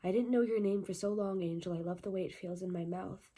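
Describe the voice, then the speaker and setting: A woman voicing a brooding, sarcastic young man, reading his lines from a book in a low, hushed, dry and teasing voice. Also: steady tone, quick pace, lightly acted. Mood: tender. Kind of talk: dramatic reading of book quotes.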